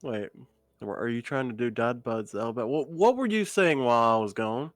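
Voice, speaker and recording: Relaxed male esports co-commentator, dry sound. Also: medium pitch, normal speed, dry recording, faint music behind. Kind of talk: live game commentary.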